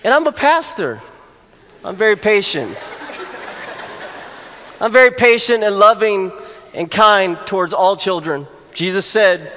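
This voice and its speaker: A man, a pastor, telling a humorous personal story during a sermon, animated at the funny moments. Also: high-pitched, unhurried, pauses often, a little hiss or hum. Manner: storytelling, rising to animated exclamations for comic effect. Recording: long hall reverb.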